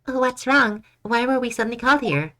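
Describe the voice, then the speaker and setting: Woman putting on a shrill frantic nurse. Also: expressive, normal speed, pushed and bright. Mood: shrill panicky. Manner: shrill, panicky, high-strung. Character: fussy frantic young female nurse.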